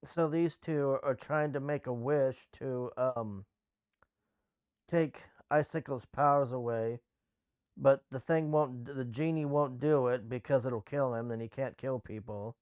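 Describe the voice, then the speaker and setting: A man's voice: mid-range voice, a little slow, darkish tone, smooth, no echo, studio quality. A man casually recapping and reviewing a TV episode, blunt and sarcastic, swearing freely.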